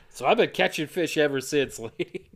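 A man co-hosting a podcast, retelling a movie scene by scene in casual chat and briskly quoting the characters. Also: on the high side, a bit bright. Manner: brisk storyteller quoting characters in quick voices. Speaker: podcast co-host.

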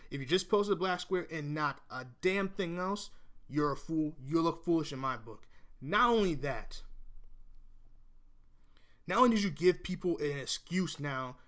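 A man's voice: on the high side, animated, a little slow, a bit bright. Blunt, swearing man ranting to camera. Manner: emphatic, blunt, swears freely; repeats and restarts phrases while arguing. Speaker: vlogger. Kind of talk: opinion rant to camera.

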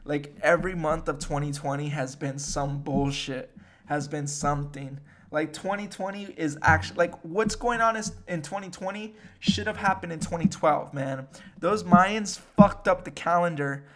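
A man's voice: fairly high pitch, moderate pace, a bit bright. A young man hosting a podcast, rambling in casual, slangy chat full of swearing. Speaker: podcast host.

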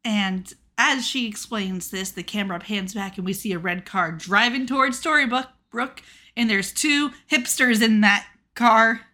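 A woman's voice: medium pitch, a little slow, sharp tone. A woman co-hosting a podcast, recapping a TV episode in casual, sarcastic chat and swearing freely. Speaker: podcast co-host.

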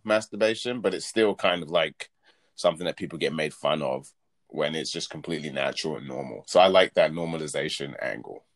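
Deep-voiced man, casual podcast chat. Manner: chatty, laughs often, playful. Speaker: podcast co-host.

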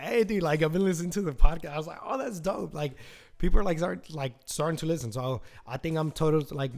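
A man's voice: fairly high pitch, a little mellow. A young man hosting a casual solo podcast, telling a rambling, profane story and acting out quotes in raised voices. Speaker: podcast host.

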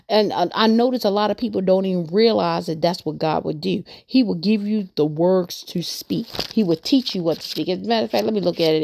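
A woman with a low, gravelly voice gives a loose, personal talk about her faith. She rambles earnestly and circles back to repeat her points so they land. Her voice carries a steady crackle of vocal fry. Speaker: podcast host. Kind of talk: casual faith monologue.

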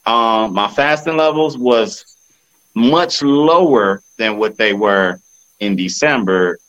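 A man's voice: on the low side, fairly bright tone, slight background noise, rough recording. A man co-hosting a podcast in casual chat, laid-back and often checking in with his listeners. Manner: laid-back, keeps asking "you know what I'm saying". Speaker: podcast co-host.

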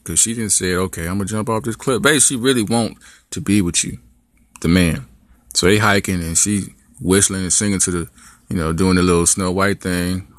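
A man hosting a podcast, telling a comic story in a casual, animated way with many asides. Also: sits low, dry recording. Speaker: podcast host.

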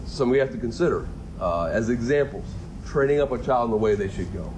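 A man's voice: medium pitch, animated, fairly quick, noisy background. A middle-aged man preaching a sermon as a pastor, conversational and earnest, often repeating words and rising for emphasis.

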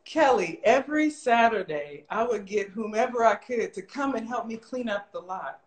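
A middle-aged woman telling a long personal story in casual chat, animated and full of "like" fillers, jumping high in pitch when she quotes people. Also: moderate pace. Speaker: guest telling her story. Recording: roomy echo.

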